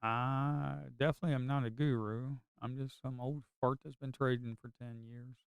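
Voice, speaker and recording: A man's voice: medium pitch, steady tone, normal speed, smooth, no echo. A middle-aged man giving casual live commentary while trading. He is chatty, repeats himself and adds sarcastic asides. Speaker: day trader streaming live.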